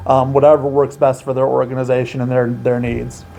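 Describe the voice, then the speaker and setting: An earnest man explains prevention steps and training in an interview, leaning hard on key words. His voice is warm and mellow, and it sits in a middle register. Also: mid-range voice, level tone, fairly quick, vocal fry, a little hiss or hum. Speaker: outreach coordinator at a children's center. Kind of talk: informational interview.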